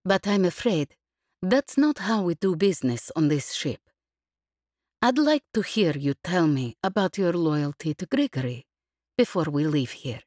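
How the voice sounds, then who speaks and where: A woman narrator voices a hard female gang leader in an audiobook, curt and quietly threatening. Her voice sits low, recorded close and dry. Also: expressive, unhurried, no room sound. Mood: veiled threat. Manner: curt, thinly veiled threat.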